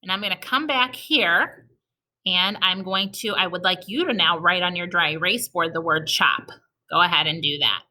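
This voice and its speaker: A woman teaching an early-reading lesson to young children in a recorded video, sounding out each letter slowly and patiently and praising them. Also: fairly low pitch, sharp tone.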